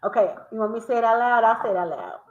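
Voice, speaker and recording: A woman's voice: fairly high pitch, lively intonation, rapid-fire. A woman with a Southern American accent hosting a playful word game with friends, teasing and laughing often as she drags out her words. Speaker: host. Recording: echoey room, dull lo-fi sound.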